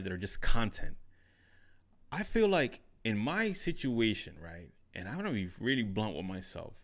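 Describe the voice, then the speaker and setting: Deep gravelly guy hosting his own podcast, chatty solo talk into a studio mic, keeps saying "right?". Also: a bit bright. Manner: reflective, repeats phrases, frequent "right?". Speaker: podcast host. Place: home studio with curtains behind. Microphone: studio microphone on overhead stand.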